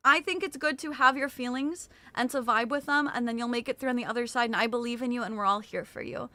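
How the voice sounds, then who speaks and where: Bright-voiced chatty woman streamer. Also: on the high side, fast, few pauses, dry recording. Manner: chatty, greets viewers by name, restarts sentences. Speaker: live streamer. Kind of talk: casual live-stream chat. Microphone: desktop mic with a limiter.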